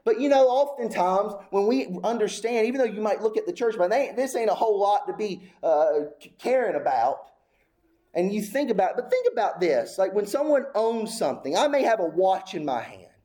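A man's voice: high voice, sing-song, moderate pace, dark tone. A male pastor delivering a sermon with emphatic, repetitive phrasing and occasional casual asides. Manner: emphatic preaching with repeated phrases.

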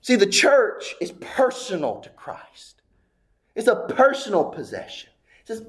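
A man preaching a sermon in a high, bright-pitched voice. He presses his points through repeated phrases and builds emphasis line by line. Now and then he slips into a relaxed, conversational aside before returning to the pulpit cadence. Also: unhurried. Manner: drops into casual asides. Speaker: pastor.

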